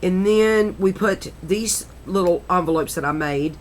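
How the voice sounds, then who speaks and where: A woman's voice: fairly low pitch, measured pace. A middle-aged woman chatting casually and rambling a little as she flips through a handmade craft journal, often correcting herself. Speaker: crafter showing her journal.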